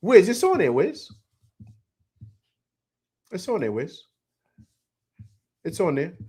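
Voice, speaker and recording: Husky and high, this middle-aged man's voice moves at a slow pace while he hosts a live postgame sports show. Reading chat comments aloud and answering them, he stays animated and emphatic, with plenty of repetition.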